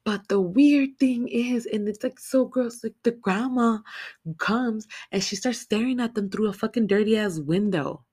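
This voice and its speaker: Animated, foul-mouthed woman recapping a film. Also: on the high side, moderate pace, breathy edge. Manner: animated, heavy swearing, lots of "like" fillers. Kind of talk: casual profane movie recap.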